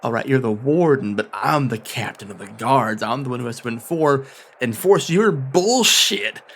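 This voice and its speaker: A man voicing an angry, gruff prison guard captain who curses a lot. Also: medium pitch, expressive, normal speed, a bit bright, a little hiss or hum. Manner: gruff, cursing.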